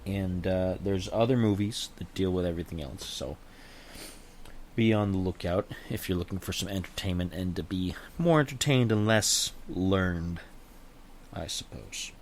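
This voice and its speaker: A man's voice: deep voice, moderate pace, slight background noise. A man chatting casually on his own show, rambling and unsure of himself, often hedging and restarting his sentences. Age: adult with a young daughter. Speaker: channel host. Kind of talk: casual solo chat.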